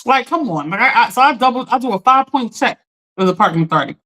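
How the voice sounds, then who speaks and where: A woman hosting a live stream, telling a story in an animated, chatty way, talking straight to her viewers and laughing often. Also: on the high side, fast talker. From Philadelphia. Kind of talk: casual storytelling to a live audience.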